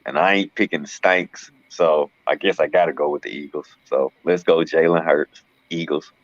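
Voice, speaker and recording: A man's voice: a bass voice, steady tone, normal speed, no echo, highs cut off. A man co-hosting a casual sports show, joking and laid-back as he gives his football picks. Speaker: co-host.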